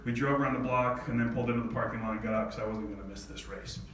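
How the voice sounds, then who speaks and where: A man telling a personal story to an audience in an animated way, laughing often. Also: medium pitch, rapid-fire, slight background noise. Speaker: speaker. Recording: echoey hall from far off, faint ambience.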